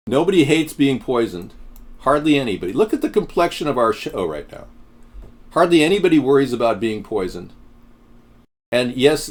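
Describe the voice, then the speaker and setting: A man hosts a live political show, talking back to his chat with indignant outrage and biting sarcasm. His voice sits at an ordinary middle pitch. He mocks and scolds his viewers as he reads their comments. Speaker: political talk show host.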